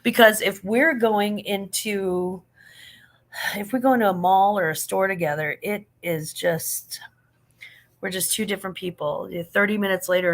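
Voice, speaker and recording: A middle-aged woman with a mid-range voice, speaking at normal speed, hosts a casual livestream chat. Sleepy and yawning, she answers viewers with laughter and affection.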